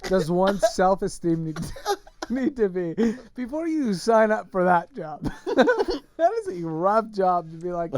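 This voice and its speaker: High, lively male podcast joker. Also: takes it slowly. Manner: wry interjecting reactions and jokes. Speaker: podcast co-host. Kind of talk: casual comedic banter.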